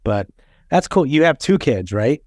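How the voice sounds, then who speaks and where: A man's voice: medium pitch, very animated, measured pace, a little mellow, no room sound, studio quality. A man in his thirties hosting a podcast, chatting casually and bluntly, swearing freely as he tells stories. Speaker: podcast host. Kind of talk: casual chat.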